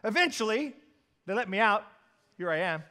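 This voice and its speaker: A man preaching a sermon as pastor, telling stories animatedly and swinging between loud and quiet. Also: high voice, sing-song, moderate pace.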